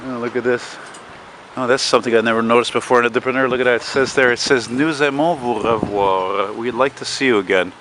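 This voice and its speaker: A man's voice: mid-range voice, fairly even intonation, a little fast, a bit bright. A man narrating a casual walking vlog outdoors, rambling and swearing as he chats to his viewers. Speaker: vlogger. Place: outdoors on a city street at dusk. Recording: street noise and passing cars. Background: street traffic.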